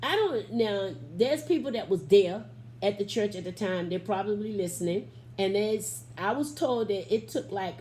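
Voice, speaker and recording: A middle-aged woman giving an animated, expressive testimony as an interview guest, acting out the quotes in her story. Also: medium pitch, normal speed, slight background noise. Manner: Southern Black church vernacular, expressive, acts out quotes.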